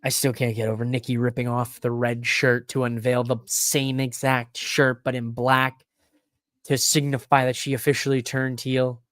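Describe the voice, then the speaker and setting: A man hosting a podcast alone, talking in an excitable, rambling way that swears freely. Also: mid-range voice, moderate pace, dry recording, clean studio sound. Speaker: podcast host. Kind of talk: casual solo wrestling recap.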